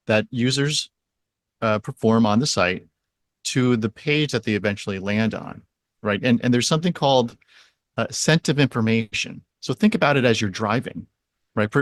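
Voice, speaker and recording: A man's voice: medium pitch, no echo. A man speaking as a podcast guest, explaining his field step by step with everyday examples. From San Diego area. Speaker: SEO strategist guest.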